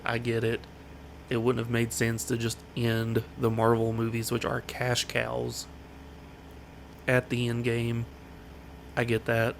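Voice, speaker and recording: A man's voice: medium pitch, gravelly, a little hiss or hum. A young man rambling through opinionated, wry commentary in a casual chat while playing a game. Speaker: gaming channel host.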